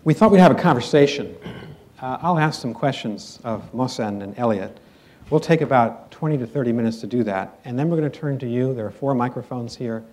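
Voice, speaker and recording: A man moderating a public panel in a hall, setting rules for the audience in a brisk, directive way. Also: mid-range voice, a little mellow. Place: auditorium with audience.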